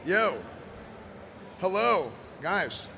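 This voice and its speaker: A man presenting in costume at a live event, joking and rambling loudly. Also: high-pitched, sing-song, drawn-out words, gravelly. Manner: playful, rambling, loud. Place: convention event floor. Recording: noisy convention floor.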